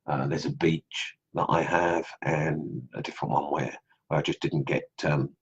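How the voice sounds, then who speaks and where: Deep husky aussie-english guy on a live stream, rambly, lots of ums, dull lo-fi mic sound. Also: fairly even intonation, normal speed. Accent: Australian with English traces. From England. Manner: rambling, many ums, reads comments aloud. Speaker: online group host. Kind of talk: casual live stream chat. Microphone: computer mic on live stream.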